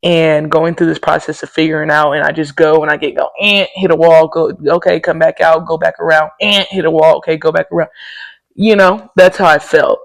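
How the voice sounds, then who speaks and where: Tired woman host with a gravelly, creaky voice, talking openly and casually to her listeners. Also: sits low, flat delivery, brisk, rough recording. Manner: candid, talks straight to listeners, often says y'all. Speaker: podcast host. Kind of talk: casual personal chat.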